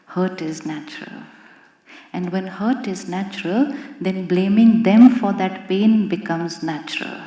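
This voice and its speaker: A woman's voice: lowish voice, mellow. A woman from India with an Indian accent, giving a spiritual talk to a live audience and asking them many rhetorical questions. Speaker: spiritual teacher. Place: large hall with an audience. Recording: very echoey hall.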